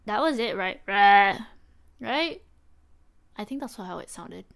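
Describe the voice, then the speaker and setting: A woman's voice: mid-range voice, lively intonation, brisk, vocal fry. A young woman livestreaming, chatting casually and rambling as she thinks aloud. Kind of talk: casual stream chat.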